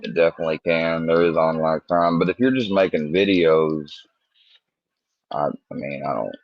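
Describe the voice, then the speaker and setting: Male host, very deep voice, laid-back halting delivery, dry dull audio. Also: creaky, no echo. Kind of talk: casual chat.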